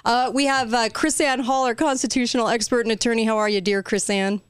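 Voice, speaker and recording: A woman's voice: a little high, fairly even intonation, clear, resonant tone, dry recording, studio quality. A woman hosting a talk show, chatty and laughing easily with her guests. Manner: chatty, laughs often, quick back-and-forth. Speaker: host. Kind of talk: casual talk show chat.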